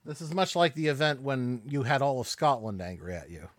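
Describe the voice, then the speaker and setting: A man's voice: mid-range voice, brisk, no room sound. A man co-hosting a podcast in casual chat, making dry, wry quips and laughing often. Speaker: podcast co-host.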